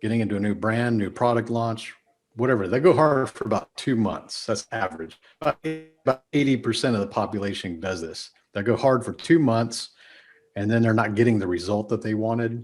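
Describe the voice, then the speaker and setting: A man's voice: lowish voice, a little fast. A man with a Texas accent, a podcast guest talking casually and emphatically, often shifting his speed and volume. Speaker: podcast guest, business speaker.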